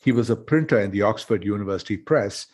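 A man's voice: on the low side, quick pace, darkish tone. A middle-aged man hosting a casual chat about words, playful and joking, explaining with examples. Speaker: podcast host.

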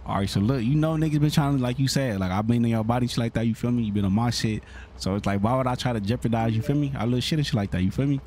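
A man's voice: mid-range voice, very fast, darkish tone, a little hiss or hum. A young man streaming a roleplay game, talking in a rambling slangy way full of "you feel me" and filler. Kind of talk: in-character streetwise roleplay talk.

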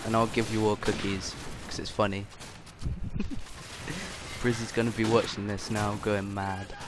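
Gunfire from the shooter game he's playing runs beneath this gaming channel host's lowish voice. Excitable and full of jokes, he narrates his first-person gameplay and is easily frustrated when his shots don't land.

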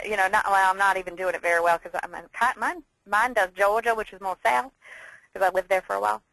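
Bubbly bright-voiced woman host. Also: medium pitch, no echo, low-quality recording. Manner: bubbly, enthusiastic, talks in quick bursts. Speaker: interview host. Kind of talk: casual business interview.

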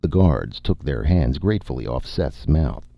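A man narrating an audiobook in a measured storytelling read. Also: very deep voice, animated, creaky, dark tone, no room sound, faint music behind. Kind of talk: scripted narration. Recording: dull, dry audiobook recording.

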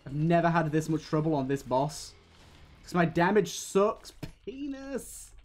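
Young British male streamer, higher-pitched, exasperated and sweary, with faint music behind. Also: moderate pace. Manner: swearing, exasperated running commentary. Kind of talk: live gameplay commentary.

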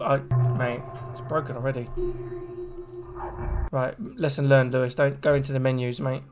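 A male streamer talks loosely and chattily to his chat at an everyday mid pitch. Loud game music plays under his voice the whole time. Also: flat delivery, moderate pace, long pauses. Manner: chatty, rambling, addresses chat. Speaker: gaming streamer. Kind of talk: casual live-stream commentary.

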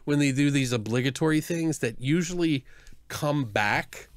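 A man's voice: fairly high pitch, moderate pace, no echo. A man co-hosting a podcast, reviewing a movie in casual chat. He rambles, swears, laughs often and mimics the characters. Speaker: podcast co-host.

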